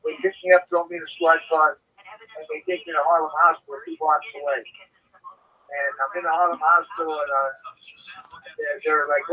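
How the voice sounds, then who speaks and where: Male guest, bright and sharp tone, rambling storyteller, distant mic. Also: fairly high pitch, little pitch movement, normal speed, long pauses, slightly rough. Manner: rambling, full of restarts and swearing. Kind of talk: casual storytelling.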